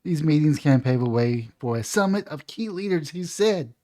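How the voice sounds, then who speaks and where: A man's voice: fairly high pitch, lively intonation, normal speed, a little mellow. A man giving an opinionated political commentary monologue, reading news aloud and then ranting emphatically about it. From United States.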